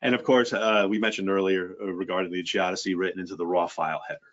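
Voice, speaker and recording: A man presenting software features in a casual walkthrough, rambling with many fillers and restarts. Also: deep voice, fairly even intonation, fast talker. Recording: dull lo-fi sound.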